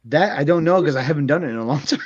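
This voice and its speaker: A man co-hosting a podcast in casual chat, a jokey, lively storyteller. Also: on the high side, racing, dull audio, a loud crowd. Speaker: podcast co-host.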